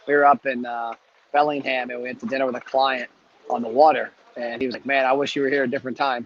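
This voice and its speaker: A man talks quickly and chattily, hosting a casual live chat. His stories roll out at a brisk clip. The sound is dull and lo-fi, like a live stream. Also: mid-range voice, a bit bright, a little hiss or hum. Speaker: host. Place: travelling, speaking from a hotel.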